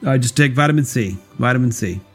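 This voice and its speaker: A man's voice: medium pitch, fast talker, soft background music. A young man co-hosting a casual comedy podcast, jokey and laughing often. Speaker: co-host.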